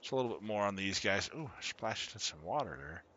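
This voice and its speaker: A man chats his way through a farming game stream, a low-set voice that swings lively and bright. He laughs easily and greets viewers as they drop in. The mic sound is a little dull and lo-fi. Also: brisk, a little hiss or hum. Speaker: gaming streamer. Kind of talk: casual gameplay commentary.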